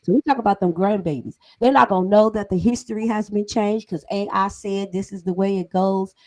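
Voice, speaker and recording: A woman's voice: mid-range voice, a little fast, no room sound, rough recording. A middle-aged woman co-hosting a podcast discussion, talking emphatically and conversationally with frequent laughs. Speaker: podcast co-host.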